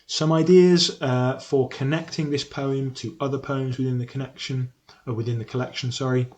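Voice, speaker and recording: Male literature teacher, mid-pitched, hesitant, analytical lesson delivery. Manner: explanatory, frequent ums and uhs, self-correcting. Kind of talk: recorded lesson on poetry analysis.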